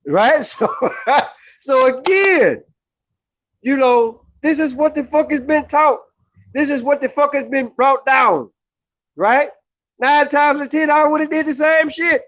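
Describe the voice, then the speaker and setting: A man's voice: very high-pitched, a little slow, fairly bright tone. A man vlogging a heated, profane opinion rant, repeating himself and asking "right?" to the viewers.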